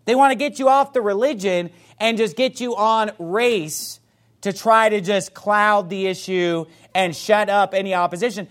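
A pastor with a high voice preaches a fiery, emphatic sermon, reading scripture aloud in old-fashioned wording.

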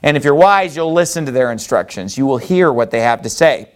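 A man preaching a sermon as pastor, animated and full of rhetorical questions, reading scripture in old-fashioned wording. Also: medium pitch, brisk.

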